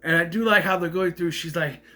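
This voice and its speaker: A man's voice: sits high, steady tone, a little fast, bright, forceful tone. A man casually recapping a movie plot, rambling and correcting himself as he goes. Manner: rambling, self-correcting retelling.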